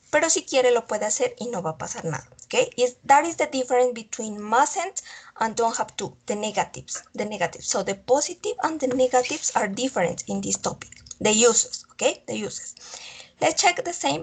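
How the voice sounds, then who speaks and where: High, husky woman teacher. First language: Spanish. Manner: repeats each example, checks understanding with "okay?". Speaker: English teacher. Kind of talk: online grammar lesson.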